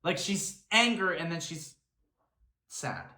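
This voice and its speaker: A man's voice: on the high side, sing-song, takes it slowly, bright, forceful tone. Man giving keen vocal commentary, echoey room. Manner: analytical, breaks down and imitates singing. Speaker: reaction video host, actor and filmmaker. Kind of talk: enthusiastic vocal-technique commentary.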